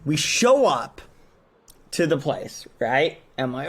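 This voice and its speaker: A man streaming, telling a story to his chat in an animated, exclamatory way while steering clear of swearing. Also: fairly high pitch, takes it slowly, background noise.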